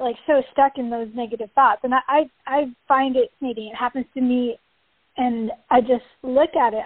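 A woman's voice: a little high, breathy edge, dry recording. A woman guest, a riding instructor, chatting in an interview, laughing often and acting out little scenes as she talks. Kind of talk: casual interview talk. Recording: thin phone-like call audio.

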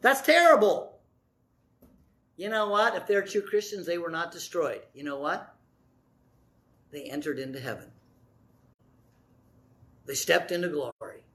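A pastor preaches a sermon emphatically, swinging between loud declarations and hushed lines. His voice is fairly high, his pace measured, with long pauses.

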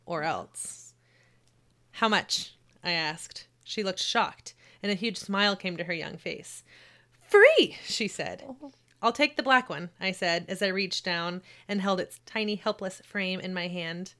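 A woman's voice: lowish voice, normal speed, hardly any pauses. Woman reading her own short story. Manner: animated reader who acts out quoted voices. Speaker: home health nurse. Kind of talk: casual chat and story reading.

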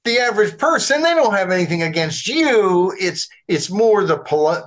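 A man's voice: high voice, big pitch swings, normal speed, fairly bright tone. A man with a slight Southern US accent co-hosting a casual political chat, rambling and restarting his phrases as he argues. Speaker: podcast co-host.

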